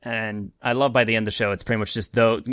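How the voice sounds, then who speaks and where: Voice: medium pitch, fairly even intonation, quick pace, fairly bright tone, no echo. A podcast co-host in casual chat, thoughtful and hesitant.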